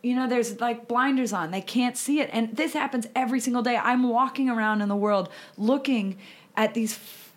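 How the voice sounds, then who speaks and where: A woman's voice: fairly high pitch, normal speed. A woman in frank, casual conversation, swearing freely and laughing often. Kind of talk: casual chat.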